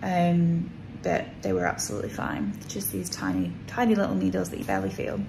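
A woman's voice: on the low side, sing-song, brisk, gravelly, noisy background. A woman vlogging in casual chat to camera, tired and a little out of breath, rambling with lots of fillers, recorded on a phone in a small room.

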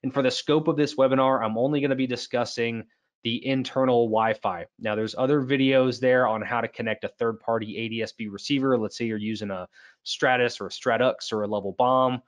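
In a casual presentation, a webinar host talks chattily about a product online, restarting often and using lots of fillers. His mid-range voice is brisk with fairly even intonation.

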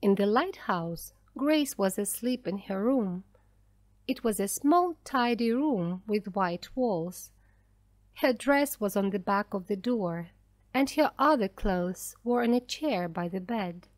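A woman narrating an easy-English storybook in a slow, careful, clearly spoken way. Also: mid-range voice, lively intonation, no echo, clean studio sound. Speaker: audiobook narrator. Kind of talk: scripted narration of an easy graded reader.

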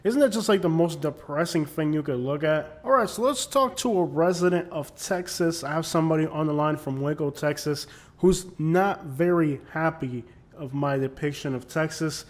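A man's voice: a little high, moderate pace, hardly any pauses. Sarcastic comedic male narrator. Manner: mocking, sarcastic. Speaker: host.

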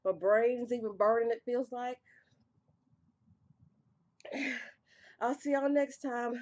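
Young woman vlogging w a burning mouth, slow and sighing, kinda dull lo-fi audio. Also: fairly high pitch, darkish tone, a little hiss or hum. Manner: exasperated, sighing between lines while eating hot noodles. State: mouth burning, struggling to talk. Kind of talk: casual vlog chat.

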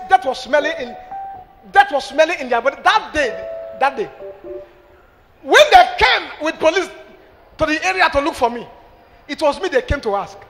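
A man preaching a deliverance sermon, animated, slipping into pidgin, shouting and half-singing his lines. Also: very high-pitched. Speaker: pastor. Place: large church hall. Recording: church hall with reverb, music behind.

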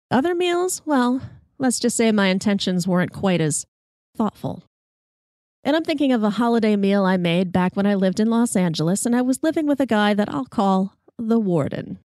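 A woman hosting a podcast, telling a funny personal story in a wry, self-mocking, animated way. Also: medium pitch, no room sound, studio quality. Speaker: podcast host.

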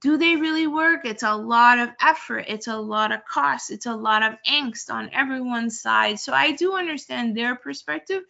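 A woman's voice: fairly high pitch, gravelly, pushed and bright, dull audio. A woman physician giving a conversational conference lecture on medicine, candid with wry asides. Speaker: infectious disease physician lecturer.

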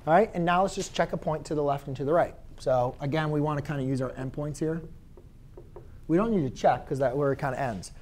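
A man's voice: fairly high pitch, fast talker, a little mellow, slight background noise. A man teaching a math class in a conversational way. He asks his students questions and corrects his own slips as he goes. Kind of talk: classroom lecture.

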